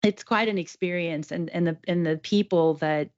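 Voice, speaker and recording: A woman's voice: fairly low pitch, moderate pace, a little mellow. A woman patient talking casually about her surgery, chatty and effusive, often restarting her sentences. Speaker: patient guest. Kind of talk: casual podcast conversation. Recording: dull lo-fi audio.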